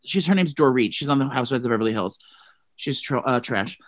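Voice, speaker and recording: A man co-hosting a casual celebrity gossip podcast, animated and profane, breaking into mocking impressions. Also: mid-range voice, fast talker. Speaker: podcast co-host.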